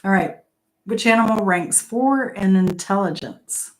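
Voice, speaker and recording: A woman's voice: mid-range voice, measured pace, poor audio. A middle-aged woman hosting a casual live-stream trivia game. She is chatty, laughs often, reads questions aloud and greets viewers by name.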